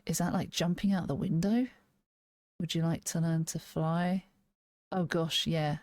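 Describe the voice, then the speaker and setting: Lower-voiced woman reviewing an album. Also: fairly even intonation, measured pace, darkish tone, no echo, clean studio sound. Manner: thinking aloud, restarts sentences, laughs. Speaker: music reaction host.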